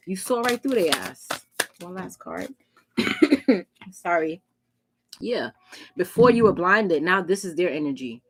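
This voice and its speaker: A young woman with a lowish voice talks through a tarot reading in a casual, direct way. She is blunt and emphatic and swears freely while she drives her points home. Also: normal speed. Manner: blunt, profane, animated and emphatic. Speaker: tarot reader.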